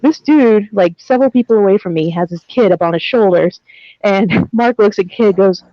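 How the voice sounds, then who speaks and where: A person telling a concert story in a casual online chat, excited and often giggling. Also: medium pitch, a little fast, no echo, dull audio.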